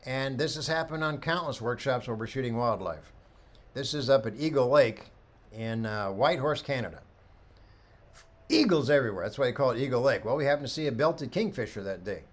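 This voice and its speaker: Animated storytelling photography teacher, man. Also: mid-range voice, fairly quick. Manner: animated storyteller, acts out quoted voices. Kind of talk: lively photography talk with anecdotes.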